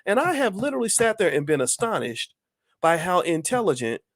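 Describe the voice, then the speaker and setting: A man's voice: high voice, big pitch swings, fairly quick, dry recording. A man hosting his own channel, delivering an impassioned opinion monologue full of emphatic rhetorical questions. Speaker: channel host.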